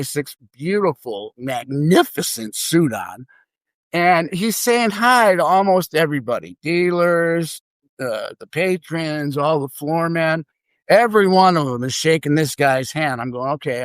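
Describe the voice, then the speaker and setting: A man's voice: fairly high pitch, no echo, clean studio sound. Older man spinning a yarn. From Chicago, United States. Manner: lively, acts out other people's lines. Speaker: guest. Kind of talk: anecdotal storytelling.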